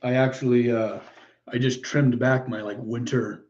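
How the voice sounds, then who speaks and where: Over muffled, lo-fi stream audio, a man with a steady, medium-pitched, darkish voice reads and reacts to viewer comments a little slowly. He's a chatty livestream host who's easily delighted, often exclaiming and laughing.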